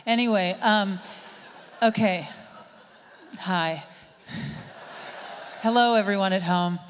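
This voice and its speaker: Slow, deadpan woman doing stand-up. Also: medium pitch. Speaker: stand-up comedian. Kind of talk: stand-up comedy set. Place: stage at a live summit event, indoors. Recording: live hall reverb, faint room noise.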